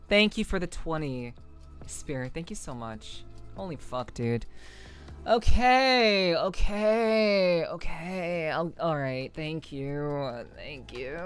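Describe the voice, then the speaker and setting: A woman's voice: low-pitched, a bit bright, clean tone. A young adult woman streamer chatting casually with her viewers, swearing often and restarting her words. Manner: swears a lot, stammering restarts. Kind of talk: casual live-stream chat.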